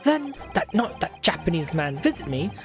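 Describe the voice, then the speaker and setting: A woman voicing an evasive, defensive female artist witness, speaking slowly and coyly. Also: fairly low pitch, big pitch swings, music in the background.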